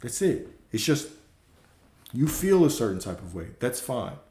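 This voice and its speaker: A man's voice: mid-range voice, very animated, unhurried, mellow. A man who works as a spiritual coach, giving a casual, emphatic livestream talk that repeats its points and swears freely. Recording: roomy echo.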